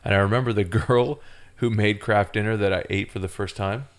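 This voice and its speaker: A man's voice: on the low side, fairly even intonation, brisk. A man telling rambling, playful stories in casual chat as a podcast co-host.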